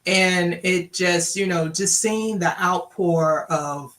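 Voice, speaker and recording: Bright-voiced woman telling her story. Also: on the low side, slow pace. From Louisiana. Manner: candid, acts out quoted dialogue. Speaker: guest sharing her story. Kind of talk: personal storytelling.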